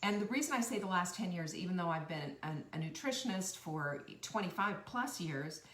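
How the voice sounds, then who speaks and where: A woman's voice: fairly low pitch, expressive, moderate pace, fairly bright tone, recorded from a distance. A middle-aged woman, a nutritionist hosting a live stream, talking to her viewers in a chatty, effusive and heartfelt way, rambling and restarting her sentences. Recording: roomy sound, speaker away from the mic.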